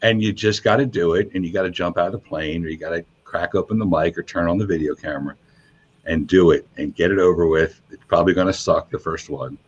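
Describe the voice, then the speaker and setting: Veteran radio DJ guest, low husky voice, animated raconteur, slightly dull lo-fi sound. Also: male voice, quick pace. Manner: animated storyteller, voices quotes with high pitch jumps. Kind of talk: casual storytelling interview. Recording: muffled lo-fi sound.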